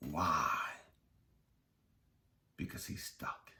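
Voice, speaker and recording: A man's voice: extremely slow, sharp tone. A man hosting a self-help channel, giving a blunt, heavily profane, preachy motivational monologue.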